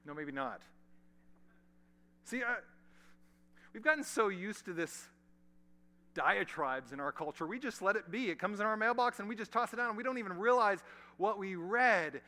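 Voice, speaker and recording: A male pastor preaching a sermon to a large congregation, swinging from loud emphasis to hushed, almost whispered lines, with casual asides to the room. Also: sits high, lively intonation, moderate pace, long pauses. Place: large church hall.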